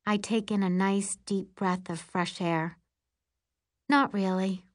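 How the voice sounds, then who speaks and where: A woman reading a first-person story aloud as an audiobook narrator, measured and even. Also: mid-range voice.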